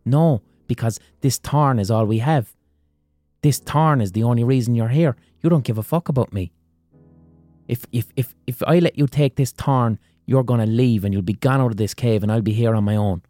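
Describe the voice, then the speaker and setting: A man's voice: mid-range voice, moderate pace, dark tone, dry recording, lightly acted. A man voicing a wounded lion in a cave, stubborn and volatile, who hurls defensive, swearing outbursts. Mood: clingy.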